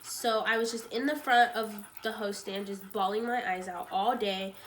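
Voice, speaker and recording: A woman's voice: mid-range voice, fairly even intonation, normal speed, fairly bright tone, a little hiss or hum. A young woman vlogger telling a painful story through tears, rambling and filling her talk with "like". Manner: rambling, heavy use of "like", acts out quoted talk. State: tearful, voice breaking. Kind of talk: emotional storytime vlog.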